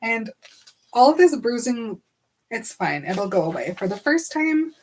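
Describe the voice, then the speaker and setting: A woman's voice: fairly high pitch, very animated, measured pace, a little mellow, slight background noise. A woman reading as a happy, exasperated young woman. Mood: reassuring. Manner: pleading, insistent.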